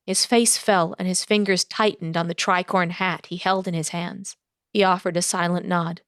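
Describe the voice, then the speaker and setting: A woman narrating a historical novel audiobook in a steady storytelling voice. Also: lowish voice, normal speed, clear, resonant tone, no room sound, studio quality.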